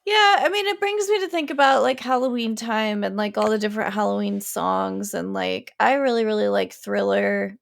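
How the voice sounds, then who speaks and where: Chatting casually as a podcast co-host, this woman has a gravelly, medium-pitched voice at a moderate pace. She barely pauses, rambling along with lots of fillers and false starts.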